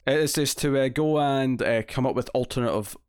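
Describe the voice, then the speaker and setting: A man's voice: medium pitch, brisk, clear, resonant tone, no room sound, studio quality. A man co-hosting a podcast. He chats casually and rambles, with many fillers and restarts. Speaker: podcast co-host. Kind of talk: casual chat.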